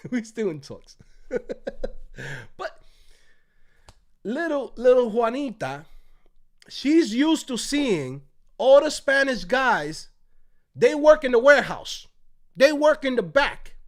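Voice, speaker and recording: A man talks to his livestream audience in a high voice with big swings in pitch. He tells a story in casual, profane talk with a swagger, and raises his voice higher to act out what other people said. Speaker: host. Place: Tampa, United States.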